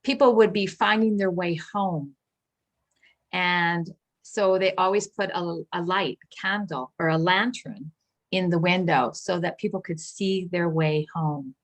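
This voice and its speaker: A woman minister giving a reflective spiritual talk, gentle and searching, with pauses and restarts. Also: on the low side.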